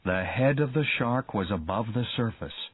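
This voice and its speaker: Guy reading a story slow, lively voice, tinny dry phone-like sound. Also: mid-range voice, husky, dry recording. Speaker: audiobook narrator. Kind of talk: scripted story narration.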